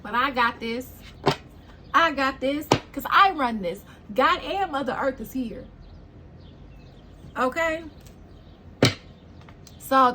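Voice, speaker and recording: A woman's voice: sits high, a bit bright, slight background noise. A woman giving a casual spiritual tarot reading, blunt and preachy, swearing freely as she talks. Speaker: tarot reader.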